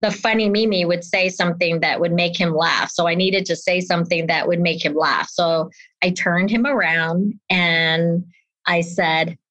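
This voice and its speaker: A woman's voice: on the low side, moderate pace, no echo. A woman in her fifties, an interview guest, telling a personal story animatedly and acting out the voices of the people in it. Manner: animated storyteller who acts out quoted voices. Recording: dull lo-fi dry sound.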